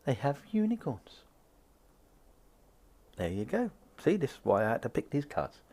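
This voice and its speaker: A man's voice: mid-range voice, wildly swooping pitch, normal speed, creaky, darkish tone. A man doing a live tarot card reading, chatting upbeat with viewers and acting out little conversations. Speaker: psychic card reader.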